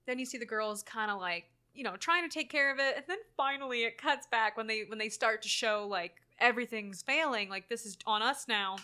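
Bright animated woman chatting about movies. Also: on the high side, a little fast, few pauses, clear, resonant tone. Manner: animated retelling with loud laughs and acted-out quotes. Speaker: podcast co-host. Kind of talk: casual movie discussion.

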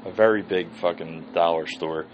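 A man's voice: deep voice, steady tone, moderate pace, dull audio, noisy background. A man, hosting a solo podcast and telling a rambling, profane story. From Philadelphia area. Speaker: podcast host.

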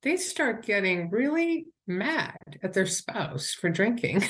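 A woman's voice: mid-range voice, takes it slowly, a little hiss or hum. A middle-aged woman, an author and coach, talking in a podcast interview and acting out the voices she quotes as she tells stories. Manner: animated storyteller who acts out quoted voices and laughs. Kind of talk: conversational interview.

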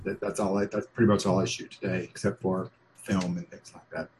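Older man with a low voice. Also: little pitch movement, a little fast, darkish tone, a little hiss or hum. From New Jersey, United States. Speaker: podcast guest. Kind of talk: casual podcast chat.

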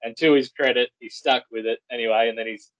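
An Australian man, a guest on a podcast, telling a rambling, animated story with frequent restarts. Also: mid-range voice, fast, dull audio.

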